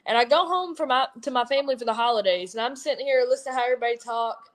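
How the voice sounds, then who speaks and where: A twenty-one-year-old woman from Kentucky with an Appalachian accent, a wrestler talking loudly and rambling in an interview. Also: high voice, rapid-fire. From Kentucky, USA. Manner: loud, rambling, self-deprecating. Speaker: professional wrestler. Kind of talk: casual interview chat.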